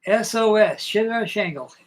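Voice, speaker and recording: A man's voice: high voice, low-quality recording. An older man with Southern roots, telling long folksy stories from his past in a rambling, casual way on a live stream. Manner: folksy, rambling, drawn-out reminiscing. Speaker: livestream host. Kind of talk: rambling storytelling chat.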